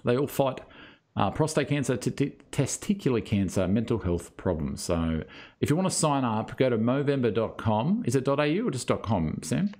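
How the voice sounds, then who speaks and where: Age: adult. Sex: man. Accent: Australian. Pitch: medium. Style: relaxed streaming podcast host. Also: moderate pace. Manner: blokey, swears casually, talks over others. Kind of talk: casual chat.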